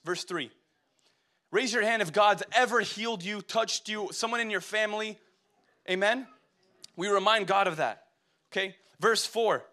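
A man's voice: high-pitched, bright, forceful tone. A young man preaching a sermon, exhorting the church directly and asking call-and-response questions.

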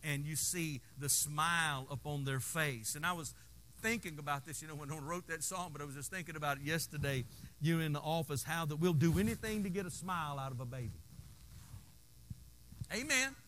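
A man preaching a sermon in a high, bright voice, folksy and full of call-and-response. He swings from soft, intimate moments to playful asides, with faint room ambience behind him. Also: brisk, slight background noise. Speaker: pastor.

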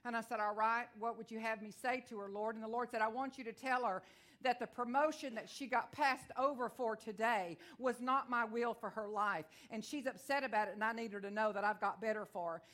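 A middle-aged woman with a Texan accent preaching a sermon in a folksy, animated way, with frequent amens and asides. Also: a little high, fairly quick.

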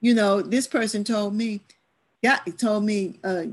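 A woman's voice: medium pitch, steady tone, unhurried. A woman who leads church stewardship, talking earnestly and emphatically in a church discussion class.

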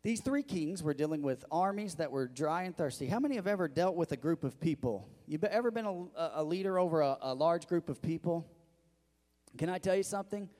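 A male pastor delivers his sermon in a somewhat high voice. He keeps asking the congregation rhetorical questions and calls for their answers. His voice rings out with the long reverb of a church hall. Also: expressive, fairly quick, a little mellow.

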